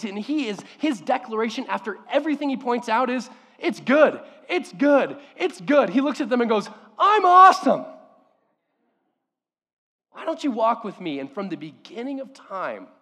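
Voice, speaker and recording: A man preaching a sermon as pastor, impassioned, swinging between loud emphasis and quiet, hushed lines. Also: on the high side, big-room sound.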